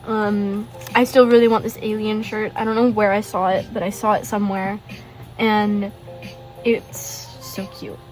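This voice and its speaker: A woman's voice: mid-range voice, little pitch movement, a little slow, a little mellow, soft background music, poor audio. A teenage girl in casual chat, showing her sketchbook in her bedroom and gushing with lots of fillers and rambling asides. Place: bedroom at a desk. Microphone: phone hanging above the desk.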